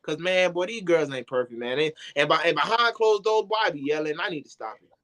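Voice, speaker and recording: High-voiced young man, slangy and animated. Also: fairly quick, heavy background noise. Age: young adult. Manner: loose, animated, slangy storytelling. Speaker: singer, interview guest. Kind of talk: casual interview talk.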